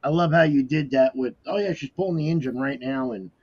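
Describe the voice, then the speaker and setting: A man co-hosting a podcast, reacting with animated exasperation. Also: mid-range voice, fairly quick, slightly rough. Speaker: podcast host. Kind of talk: casual podcast chat. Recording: dull lo-fi mic.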